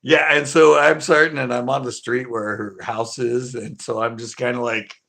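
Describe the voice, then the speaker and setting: A man's voice: medium pitch, moderate pace, vocal fry. A man hosting a casual livestream, telling a story from his youth in a rambling way with frequent laughter. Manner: laughing often, animated and rambling. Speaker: channel host.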